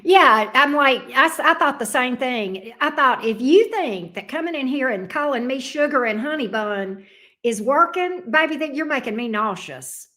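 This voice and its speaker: A woman's voice: sits high, animated, moderate pace, pushed and bright. A middle-aged woman hosting a livestream, chatting casually and bluntly with viewers and swearing freely. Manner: blunt, profane and sassy. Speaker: tarot reader and livestream host. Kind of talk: casual livestream chat reading viewer comments.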